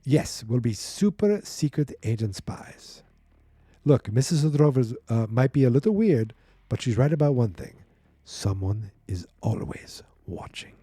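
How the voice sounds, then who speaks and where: A man voicing an excitable young boy who talks quickly and eagerly. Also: mid-range voice, husky, no room sound.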